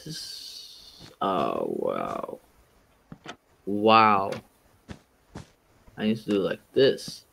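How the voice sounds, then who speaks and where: A man's voice: low voice, wildly swooping pitch, drawn-out words, vocal fry, long pauses, pushed and bright, a little hiss or hum. A man chatting casually with a friend while gaming, teasing him bluntly and swearing when annoyed. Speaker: friend playing along.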